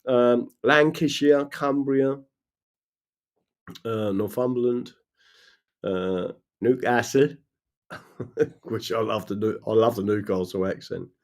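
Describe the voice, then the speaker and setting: A man with a London accent chats loosely to his livestream viewers at a middling pitch. He wanders from one thought to the next, swears freely, laughs often and reads out comments from the chat. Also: slow, pauses often. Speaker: livestream host. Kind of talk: casual live-stream chat.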